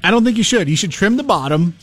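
A man's voice: high voice, animated, fast talker, a bit bright, faint music behind. A man co-hosting a talk radio show, throwing in teasing wisecracks at the host. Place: radio studio.

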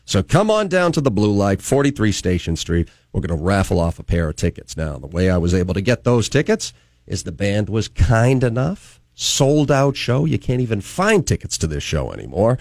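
A man's voice: lowish voice, big pitch swings, normal speed, a little mellow, no echo. A man from Boston hosting a morning talk radio show from the studio in an upbeat announcer delivery. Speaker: radio host.

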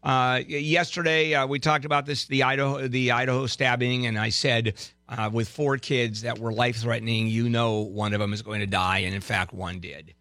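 A man hosting talk radio from a studio mic, his voice gravelly with a bright, forceful edge. He jokes darkly and irreverently, stumbling through filler sounds, and the booth sounds dry. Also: medium pitch, fairly even intonation, dry recording. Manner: irreverent, dark jokey humor; halting, with many filler sounds. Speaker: radio talk show host. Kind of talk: casual on-air banter. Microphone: studio microphone.

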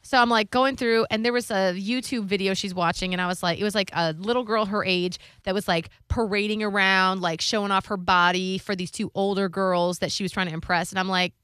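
Bright-voiced chatty woman host. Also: medium pitch, fairly even intonation, a little fast, few pauses, clear, resonant tone, no echo, studio quality. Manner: chatty storytelling, lots of "like". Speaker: radio host. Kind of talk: casual chat.

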